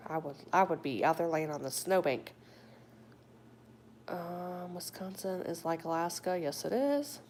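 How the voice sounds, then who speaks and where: A middle-aged woman chatting casually on a phone livestream, reading viewer comments aloud with animated talk and whispered asides. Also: fairly low pitch, a little slow, slight background noise. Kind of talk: casual live chat. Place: home in a warm state.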